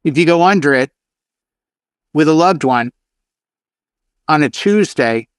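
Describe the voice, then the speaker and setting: A chatty man with a slightly higher voice swaps stories in a convention hallway. He talks casually and drops into quick mock announcements. The sound is dry and close, with no room echo. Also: lively intonation. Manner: storytelling, chatty, acts out his announcements. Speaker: DJ show host. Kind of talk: casual chat.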